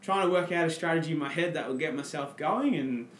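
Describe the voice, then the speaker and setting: A man's voice: a little high, fast talker, a bit bright, reverberant, a little hiss or hum. An Australian man, a podcast guest, telling a story in casual chat and acting out his own past lines.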